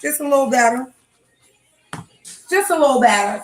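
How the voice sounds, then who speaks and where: A woman's voice: high voice, expressive, normal speed. A woman hosting a casual morning livestream from home, ranting bluntly and profanely while talking to her chat. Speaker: livestream host. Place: home, kitchen. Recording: echoey room with faint noise.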